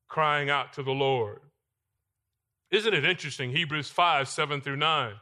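A male pastor preaching a sermon in a church, swinging between loud emphatic lines and quiet asides. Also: on the high side, measured pace. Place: church sanctuary.

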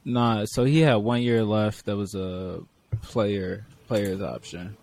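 A man's voice: lowish voice, fairly even intonation, takes it slowly, a little mellow, slight background noise. A man in a casual group chat, arguing his point bluntly.

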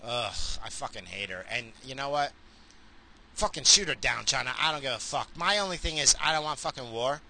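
Crude, bright-voiced man ranting while driving. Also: medium pitch, lively intonation, brisk, creaky. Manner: crude, rambling, swears constantly. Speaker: vlogger. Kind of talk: profane rambling rant while driving. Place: car, driving.

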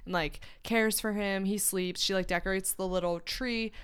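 A woman co-hosting a casual chat, recapping a drama series in an animated way and acting out the lines. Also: mid-range voice, moderate pace, very noisy. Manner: animated retelling with acted-out quotes. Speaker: podcast co-host.

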